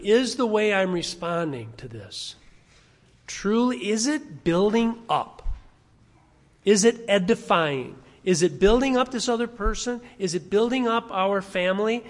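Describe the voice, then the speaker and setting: Emphatic preacher man, echoing hall. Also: high-pitched. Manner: emphatic, repeating rhetorical questions. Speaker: pastor. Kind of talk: sermon. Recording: long reverb of a large hall.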